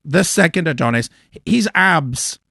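Flustered guy gossiping on a podcast, gravelly voice, lively ups and downs, dry sound. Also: a little high, a little slow, no echo. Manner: flustered, giggly storyteller. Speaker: podcast co-host. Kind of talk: casual chat.

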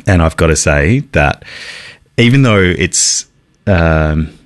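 A man hosting a radio travel show, chatting casually about his trips in a relaxed, rambling way. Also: sits low, slow. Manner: relaxed, rambling with fillers and restarts. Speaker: radio host.

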